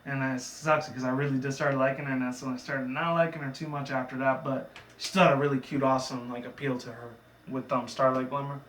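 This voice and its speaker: A man's voice: medium pitch, little pitch movement, fast, a bit bright, distant mic, slight background noise. A man casually recapping a cartoon episode in a rambling, loose way, with profane asides. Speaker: reviewer. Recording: echoey room, away from the mic.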